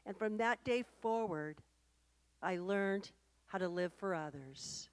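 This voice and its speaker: A woman voicing a wise old male village sage in a storytelling sermon, speaking gently and unhurriedly. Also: sits high, takes it slowly, smooth. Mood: serene.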